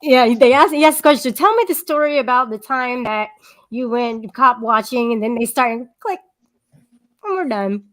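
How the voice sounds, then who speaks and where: Chatty woman, higher-pitched voice. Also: animated, normal speed, a bit bright. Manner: chatty, giggly, rambling with restarts. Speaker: livestream host. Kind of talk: casual livestream chat.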